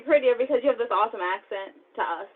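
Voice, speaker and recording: An excitable American woman chatting quickly with a poet. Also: a little high. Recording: tinny phone-like call audio.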